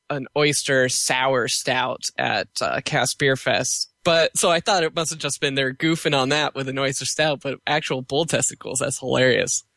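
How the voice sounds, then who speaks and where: A man's voice: mid-range voice, bright, forceful tone, no room sound, clean studio sound. A young adult man co-hosting a casual podcast, joking and laughing often. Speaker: podcast co-host. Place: Seattle.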